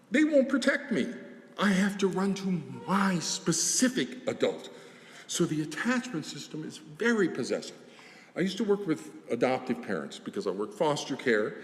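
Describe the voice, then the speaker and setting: A man lecturing at a conference, his voice rising and falling with lively swings as he acts out quoted parents and children. He is recorded in a roomy hall with a long reverb trailing his words. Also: mid-range voice. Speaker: psychologist presenter. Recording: echoey hall.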